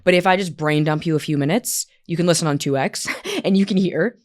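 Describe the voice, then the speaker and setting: A woman's voice: fairly low pitch, brisk, a little mellow. A woman hosting a podcast interview, talking casually and with animation, swearing often and acting out her own quotes. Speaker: podcast host.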